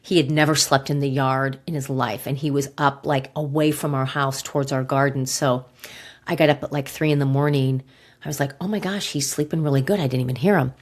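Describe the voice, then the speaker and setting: A middle-aged woman hosting a podcast, telling a personal story in an emotional, halting way with sighs and pauses, close to tears. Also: a bass voice, steady tone. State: near tears. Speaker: podcast host.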